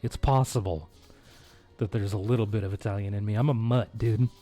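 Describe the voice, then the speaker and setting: A man's voice: fairly low pitch, fairly even intonation, a little fast, mellow, soft background music. A man chatting casually on a live game stream, joking crudely and laughing often.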